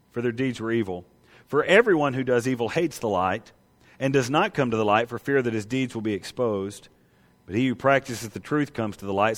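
A man's voice: a little high, long reverb tail. A man preaching a sermon, pressing his point with rhetorical questions and reading scripture aloud. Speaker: pastor.

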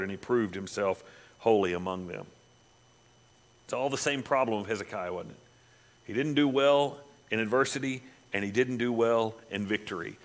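A man preaching a sermon, reading scripture dramatically and dropping to quiet, pointed asides. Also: lowish voice.

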